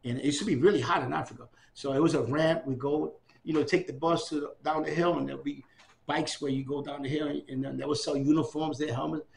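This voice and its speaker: A middle-aged man telling his story in a relaxed oral history interview. His voice is a little higher than most men's, with a gravelly fry. He is animated and slips into the voices of the people he quotes. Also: quick pace, a little hiss or hum. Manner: animated, acts out quoted dialogue.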